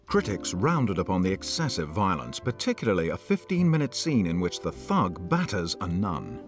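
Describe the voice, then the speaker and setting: A man narrating a scripted documentary with a grave, measured delivery. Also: low voice, sing-song, faint music behind.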